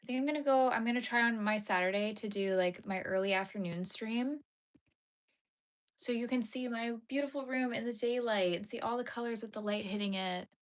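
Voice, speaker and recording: Speaking a little fast in a fairly high voice, a young woman chats casually with viewers on a live stream while she crochets. Sad dog movies come up, and they bring her to tears.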